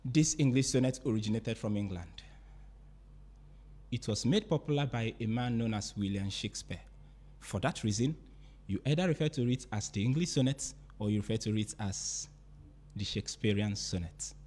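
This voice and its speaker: A man's voice: on the low side, moderate pace, a little mellow. A man teaching a literature lesson, explaining step by step and repeating and rephrasing his points. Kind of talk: explanatory lecture.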